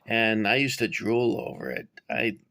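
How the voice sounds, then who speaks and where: Gravelly middle-aged man rambling. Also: lowish voice, a little slow, sharp tone. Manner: rambling, digressive, many fillers. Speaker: toy collector reviewing figures. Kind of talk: casual show-and-tell.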